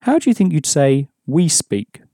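A man's voice: on the high side, sing-song, moderate pace, warm tone, no echo, clean studio sound. A man teaching an audio language lesson, patiently explaining rules and prompting the listener.

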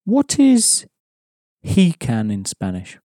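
Mellow-voiced man teaching a language lesson. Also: medium pitch, huge pitch swings, dry recording, studio quality. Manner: measured, explanatory, slows down for examples.

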